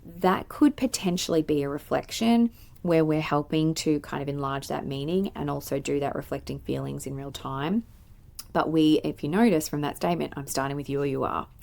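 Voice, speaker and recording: Low, gravelly woman teaching. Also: moderate pace, a little mellow. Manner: thoughtful, explanatory, many filler ums. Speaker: play therapist and podcast host. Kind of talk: teaching podcast monologue. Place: playroom.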